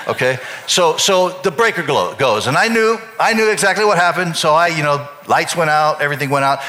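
A middle-aged male pastor gives a sermon in a bright, slightly high voice. He rambles through a personal story, restarting his sentences as he goes. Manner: rambling, self-correcting storyteller.

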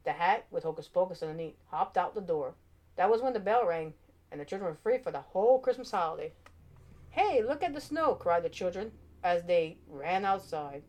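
A woman narrating a children's storybook aloud with expressive, animated delivery. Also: lowish voice, fairly quick.

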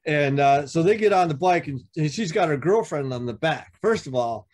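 A man's voice: lively intonation, moderate pace. A man, a veteran motorcycle club member on a podcast, telling stories casually, swearing often and acting out what others said. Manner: profane, acts out quoted dialogue with shifting pitch. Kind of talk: casual storytelling.

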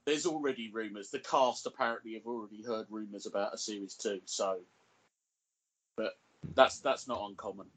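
A man's voice: on the low side, moderate pace. A man co-hosting a casual podcast, chatty and peppering his talk with "you know". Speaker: podcast co-host.

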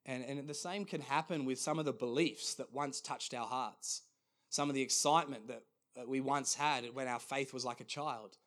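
Earnest halting male pastor. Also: medium pitch, a bit bright. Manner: earnest, halting, frequent restarts. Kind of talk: sermon.

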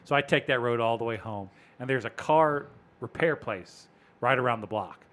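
Man, podcast host, lively storyteller, middling voice, casual chat. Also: medium pitch, normal speed. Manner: animated storyteller, acts out other people's lines.

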